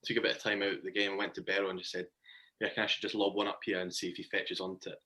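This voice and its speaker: A man with a very low voice tells cricket stories in a relaxed, chatty way. He laughs through his anecdotes and talks casually as an interview guest. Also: racing. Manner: chatty storytelling, laughs often.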